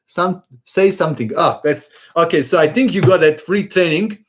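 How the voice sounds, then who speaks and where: A chess channel host chats casually during a live-stream Q&A, hesitant and using lots of fillers. His voice is fairly high-pitched and he talks at a normal speed.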